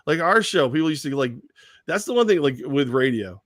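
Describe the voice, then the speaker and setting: A man's voice: medium pitch, animated, moderate pace. A man co-hosting a radio sports talk show, chatting casually and acting out the voices of people he quotes, swearing now and then.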